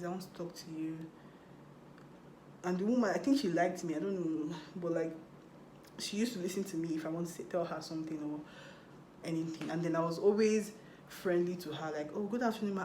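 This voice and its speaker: A young woman telling a storytime vlog while doing her makeup, chatty and animated, acting out what people said. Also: on the low side, reverberant, slight background noise. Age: young adult. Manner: chatty, animated retelling with acted quotes. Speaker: vlogger.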